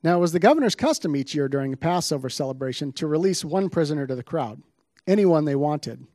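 A man's voice: fairly high pitch, expressive, quick pace, mellow, no room sound, studio quality. Man preaching, dramatic scripture reading. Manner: reads scripture with dramatic emphasis on quoted lines.

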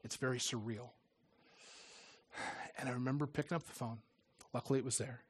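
A middle-aged man preaching and telling a personal story in earnest, often dropping to a hush at solemn moments. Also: medium pitch, fairly even intonation, a little fast, slight background noise. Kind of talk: sermon with personal testimony.

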